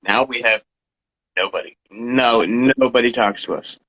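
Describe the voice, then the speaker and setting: A man's voice: mid-range voice, moderate pace, fairly bright tone, muffled recording. A man chiming in frankly during a casual chat about sobriety. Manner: frank, agreeing. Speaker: guest.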